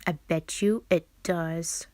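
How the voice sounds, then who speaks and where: A woman's voice: lowish voice, fairly even intonation, takes it slowly, dark tone, no echo. A young woman reading a game story aloud with giggly, chatty asides. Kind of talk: casual reading with commentary.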